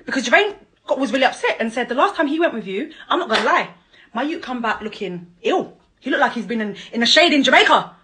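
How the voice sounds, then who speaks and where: A woman ranting at her child's father on a live stream, confrontational and mocking, swearing and bursting into loud laughter. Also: a little high, lively intonation, fast, low-quality recording. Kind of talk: angry live-stream rant.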